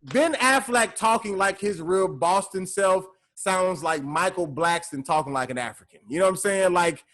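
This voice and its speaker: High-voiced rambling man. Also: normal speed, fairly bright tone. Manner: rambling, repeats words and says "you know what I'm saying". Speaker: podcast co-host. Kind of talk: casual film discussion.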